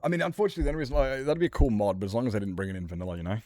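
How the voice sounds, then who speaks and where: Male streamer, lowish voice, close dry mic, rambling, casual swearing. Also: very fast, a little mellow, no echo. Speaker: livestreamer. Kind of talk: casual chat with viewers while gaming.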